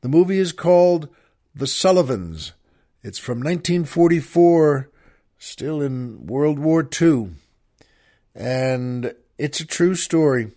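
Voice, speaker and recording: A man's voice: a little high, lively intonation, slow pace, warm tone. A man hosting a show, chatting folksily with listeners and introducing a poem and a film. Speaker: radio show host. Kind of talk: folksy show talk and poetry reading.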